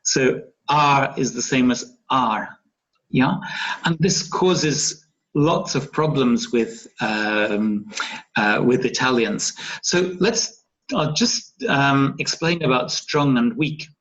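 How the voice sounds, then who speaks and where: Taking things slowly, a male English teacher with a medium, slightly bright voice patiently explains phonetics in an online lesson. His questioning "yeah?" comes up often to check understanding, all in dull lo-fi video call audio.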